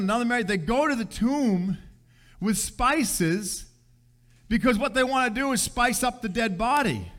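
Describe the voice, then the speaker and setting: A man with a high-pitched voice preaches a sermon in a relaxed, conversational manner. He drops into everyday slang and briefly plays the people in the story as he tells it. His delivery feels like talking with the congregation rather than lecturing them. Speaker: pastor.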